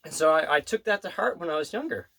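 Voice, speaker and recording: An earnest man with a fairly high voice talks in a casual, rambling storytelling vlog. He fills his speech with asides and checks, speaking from his home studio. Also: lively intonation, fast talker, vocal fry, fairly bright tone. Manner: rambling and earnest, full of "you know" and "right". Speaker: bass player and manifestation coach.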